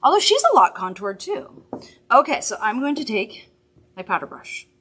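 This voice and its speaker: A woman's voice: fairly high pitch, big pitch swings, moderate pace, a bit bright, slightly rough. A woman hosting a live makeup demonstration from a studio, chatty, upbeat and reassuring as she works. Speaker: makeup host.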